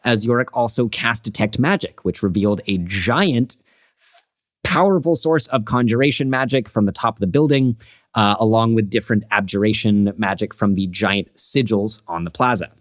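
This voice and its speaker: A man's voice: on the low side, normal speed. A man acting as game master, recapping the last session in a loose, rambling way with small laughs. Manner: loose and rambling, with fillers and self-amused laughs. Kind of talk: casual chat and recap narration of a tabletop game.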